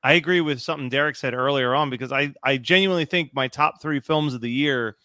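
A man co-hosting a casual podcast, relaxed and easy, moving the talk on to the next topic. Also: mid-range voice, quick pace, no room sound, studio quality. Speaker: podcast co-host. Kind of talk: casual chat.

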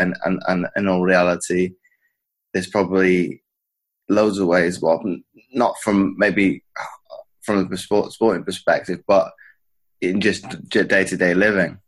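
Deep-voiced halting podcast host, man. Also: steady tone. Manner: halting, searching for words. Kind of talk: casual interview chat.

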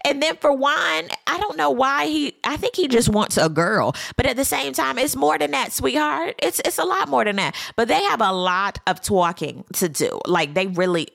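A woman, giving a sassy, animated recap as a reality TV host. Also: moderate pace, vocal fry, hardly any pauses, no echo, clean studio sound. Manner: sassy, animated commentary with dramatic pitch swings. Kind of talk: casual chat.

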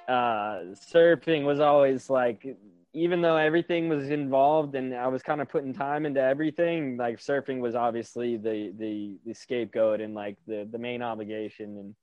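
Laid-back New surfer, slangy. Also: male voice, medium pitch, darkish tone, dry recording. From New York. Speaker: pro surfer guest. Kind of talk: casual remote interview. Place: California. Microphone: video call.

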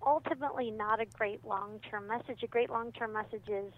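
A parenting author chats casually in an interview, her voice on the high side, a little fast and with hardly any pauses. She's animated and acts out the things parents and kids say. The audio comes over a phone line with faint noise.

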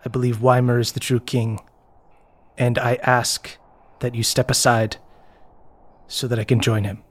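A man's voice: medium pitch, flat delivery, unhurried, close to an everyday voice. A man playing an earnest male knight, a captain of the guard, who speaks in a formal, pleading way. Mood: solemn.

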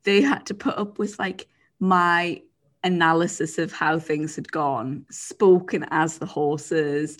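A woman's voice: deep voice, steady tone, slow pace. A young woman co-hosting a podcast, telling stories in a rambling, giggly way with lots of "like"s. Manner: rambling, giggly storytelling with many likes. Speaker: podcast co-host. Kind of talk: casual chat.

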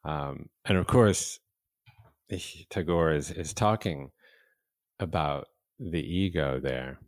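A man hosting a podcast interview, soft-spoken and measured, reading a poem aloud. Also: a bass voice, no echo. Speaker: podcast host. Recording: dry close sound.

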